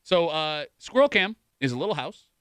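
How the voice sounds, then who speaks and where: Male radio host, animated jokey storytelling, high pitch, bright tone. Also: normal speed, clean tone, dry recording. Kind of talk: morning radio banter. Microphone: studio microphone.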